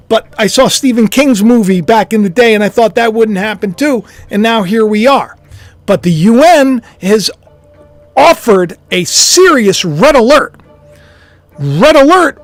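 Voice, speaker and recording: High-voiced man musing on camera. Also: moderate pace, no room sound, soft background music. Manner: rambling, self-deprecating, chuckling. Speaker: YouTuber and author. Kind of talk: casual speculative monologue.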